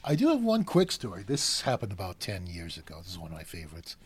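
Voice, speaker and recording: Animated man telling a story. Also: low-pitched, fast talker, a little hiss or hum. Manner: animated storyteller acting out voices. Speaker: cable car gripman, interview guest. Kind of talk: storytelling in a podcast interview.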